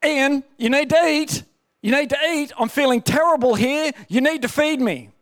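A man's voice: very high voice, moderate pace, fairly bright tone, pitched above the performer's own voice. A man voicing his own hungry body as a whining, coaxing figure that begs to be fed. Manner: whiny, coaxing, complaining.

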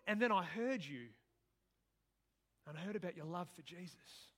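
A middle-aged man preaching a sermon, telling stories and breaking into sudden loud outbursts. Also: sits high.

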